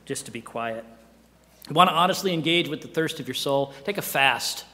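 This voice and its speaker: Middle-aged male pastor with a fairly high voice, preaching conversationally with quiet drops for emphasis, in a church hall with a long echo. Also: lively intonation, moderate pace. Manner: asks the listeners rhetorical questions. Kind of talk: sermon.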